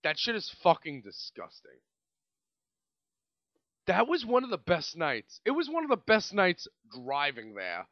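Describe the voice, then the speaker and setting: A man's voice: high voice, huge pitch swings, a little slow, long pauses, dry recording. A man with a New York accent in his late twenties rambles through a profane story on his own podcast, his voice swinging up and down with lots of life. The sound is dry and a bit dull and lo-fi, like a basic home podcast mic. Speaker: podcast host. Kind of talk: casual storytelling monologue.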